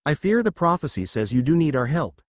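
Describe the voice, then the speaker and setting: A man's voice: fairly high pitch, big pitch swings, no echo. A man doing a wise old centaur mentor. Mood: grave. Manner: measured, cautioning.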